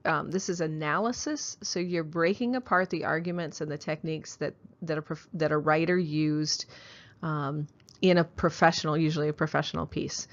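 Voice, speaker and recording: A woman teaching a high school English class, explaining the assignment step by step and often checking in with "okay?". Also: muffled recording. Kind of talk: classroom lecture.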